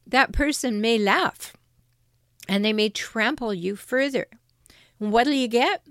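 A woman giving earnest, encouraging relationship advice as a coach and author, speaking directly to her listeners with emphatic, steady reassurance. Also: fairly high pitch, measured pace, long pauses, no echo, studio quality. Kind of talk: direct-to-camera advice talk.

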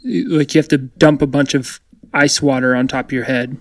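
A man's voice: medium pitch, little pitch movement, normal speed, dry recording. A young man in casual chat as a co-host, upbeat and joking, with a theatrical streak.

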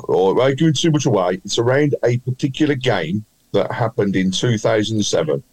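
A man's voice: fairly low pitch, animated, a little fast, a little mellow, poor audio. A man with a Birmingham accent hosting a football quiz on a casual podcast, stretching out his clues and teasing the panel. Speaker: quiz host.

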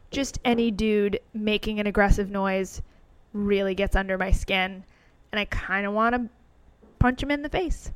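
A woman hosting a podcast, talking in an animated, opinionated way with wry asides. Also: a little high, clean tone, no room sound. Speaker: podcast host. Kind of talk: casual monologue.

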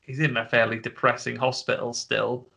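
A man's voice: medium pitch, flat delivery, creaky, pushed and bright. A man co-hosting a casual film discussion over a remote call, retelling scenes and now and then mimicking the characters. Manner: recounts scenes with quick bits of voice mimicry and laughs. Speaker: podcast co-host.

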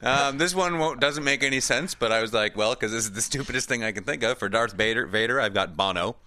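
A man co-hosting a casual comedy podcast, reading out a silly list deadpan and laughing at his own jokes. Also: medium pitch, quick pace. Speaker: podcast co-host.

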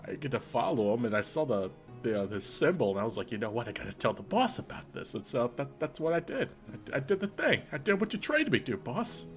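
Man voicing a shifty henchman, stammering, eager to please, mid-pitched, faint music behind. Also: big pitch swings, fast talker, hardly any pauses. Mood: evasive. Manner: hesitant, full of "uh", wheedling.

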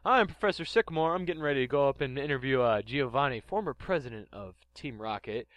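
A man's voice: medium pitch, animated, fast, fairly bright tone, dry recording, pitched below the performer's own voice, lightly acted. A man voicing a flustered young male professor who exclaims in disbelief while reporting in an improvised comedy sketch.

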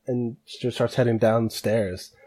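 A man's voice: mid-range voice, steady tone, measured pace, warm tone. A man narrating as game master in a casual, hesitant way, often laughing.

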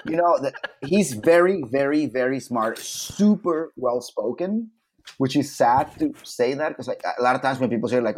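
A man co-hosting a casual chat, animated and swearing freely, acting out the people he talks about. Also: mid-range voice, moderate pace. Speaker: podcast co-host.

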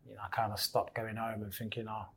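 A former footballer from England, guesting on a podcast, speaks fast and monotone in a low voice with vocal fry and a breathy edge. His casual chat rambles through long stories with many restarts.

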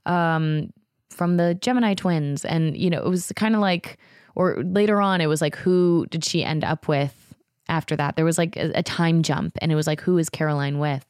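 Low-voiced woman in her 30s telling a story on her podcast, chatty, lots of "like", super dry close sound. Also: normal speed, clear, resonant tone, no room sound. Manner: chatty, animated, many fillers and acted-out quotes. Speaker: podcast host. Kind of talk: casual storytelling chat.

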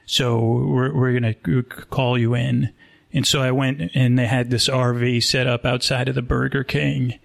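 Man, gravelly voice, rambling deadpan comic storytelling, rough live recording. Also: medium pitch, measured pace. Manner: rambling, deadpan, full of restarts. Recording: rough live show audio.

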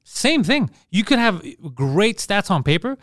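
A man's voice: high-pitched, very animated, unhurried, a bit bright, dry recording, clean studio sound. A man hosting a casual podcast chat, blunt and emphatic and swearing freely as he makes his points. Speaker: podcast host.

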